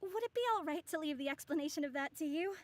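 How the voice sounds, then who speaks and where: A woman's voice: high voice, fast talker, lightly acted. A woman voicing a composed, mysterious young woman in a video game, speaking in a poised, formal and courteous way.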